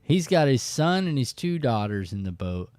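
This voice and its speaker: Casual male stream host, mid-pitched, rambling storyteller, animated bursts, faint music bed. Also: normal speed, clear, resonant tone, dry recording. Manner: rambling, chatty, lots of "you know what I mean"; animated, jumps into high excited bursts. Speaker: host of a fishing live stream.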